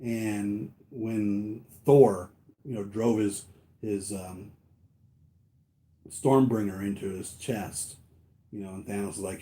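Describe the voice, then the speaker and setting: A man's voice: lowish voice, fairly even intonation, slow, long pauses, mellow. A man talking casually to his viewers, rambling with many fillers and restarts. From United States. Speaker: toy collector vlogger.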